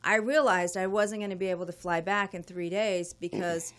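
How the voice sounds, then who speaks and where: A middle-aged woman guest telling a story casually, profane and animated, often laughing. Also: lowish voice, moderate pace.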